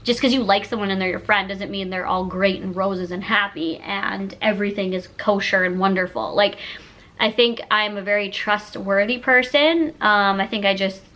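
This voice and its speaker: At normal speed and medium pitch, this woman's voice comes across bright and forceful despite low-quality recording. She's a YouTuber of about thirty in a casual sit-down chat, emotional, gushing, and full of "like."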